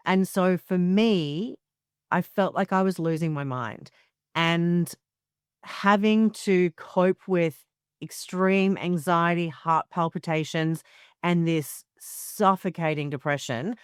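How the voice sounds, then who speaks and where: A woman, a frank and animated guest telling stories in a podcast interview. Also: fairly low pitch, takes it slowly, clear, resonant tone, dry recording, clean studio sound. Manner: animated, frank storyteller who swears freely. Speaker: author and TV commentator guest.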